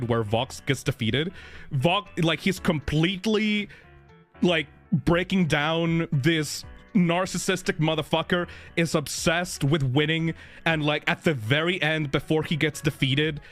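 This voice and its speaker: A man hosting a livestream, thanking viewers for donations and chatting in an excitable, giggly way with plenty of swearing. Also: fairly high pitch, normal speed, faint music behind. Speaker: livestream host reading donations. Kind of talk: casual livestream chat.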